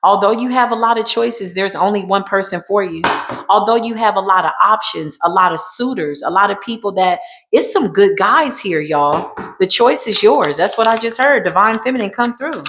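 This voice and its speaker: A woman gives an intuitive tarot reading in a loose, chatty way. She repeats phrases for emphasis and calls her listeners y'all. Her voice sits at a middle pitch for a woman. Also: normal speed, a bit bright, a little hiss or hum. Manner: emphatic, repetitive, colloquial, addresses viewers as y'all. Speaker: tarot card reader.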